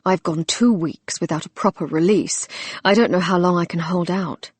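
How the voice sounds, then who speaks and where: A wry, bandaged young husband, gruff and amused, as a woman narrator takes him on. The voice stays low and husky, dry and close to the mic, mostly her own tone barely altered. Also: normal speed, no echo.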